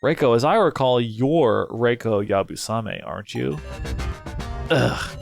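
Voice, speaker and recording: A young man casually narrating his way through a story game, thinking out loud, excitable and prone to swearing. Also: mid-range voice, measured pace, gravelly, faint music behind. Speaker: game let's player. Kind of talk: casual gameplay commentary.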